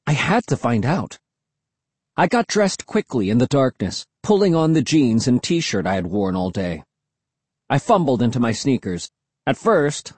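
A man narrating an audiobook in an expressive, suspenseful storytelling manner. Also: medium pitch, slightly rough, dry recording. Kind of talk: scripted narration.

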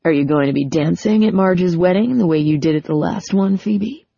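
A woman doing a low suggestive male flirt. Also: normal speed, gravelly, warm tone, breathy edge, no echo, lo-fi sound, full character voice. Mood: casual. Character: flirting adult male music director.

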